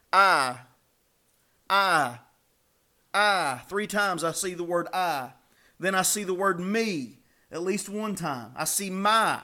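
A man preaching a sermon in a folksy, conversational way, with repetitions and asides, growing louder when he acts out scripture. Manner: rises in pitch and volume when dramatizing scripture.

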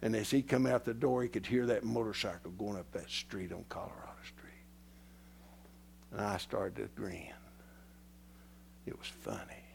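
A male preacher telling a story in a sermon, folksy and direct with his listeners, dropping to hushed whispers and rising to loud impassioned preaching. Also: lowish voice, level tone, normal speed, creaky, a little hiss or hum.

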